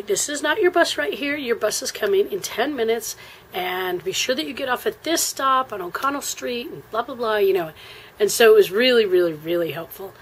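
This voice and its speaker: Recorded in low quality, an American woman with a mid-range voice rambles casually through a story about her travels. She uses many fillers and keeps clearing her throat.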